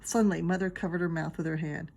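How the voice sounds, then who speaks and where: Lady teacher reading a kids book out loud, lively, husky voice. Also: fairly low pitch, quick pace. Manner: lively, giggly storytelling. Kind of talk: reading a children's book aloud.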